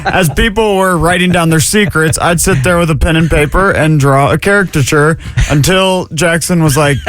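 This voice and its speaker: A man's voice: fairly high pitch, normal speed, a bit bright, no room sound. Laid-back man with dry humor. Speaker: radio show contestant.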